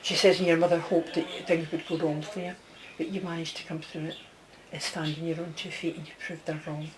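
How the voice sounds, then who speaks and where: A psychic medium gives a one-to-one reading in a low, brisk voice with little pitch movement, and there's noise in the background. She's chatty, passes along messages, and keeps checking in with her sitter.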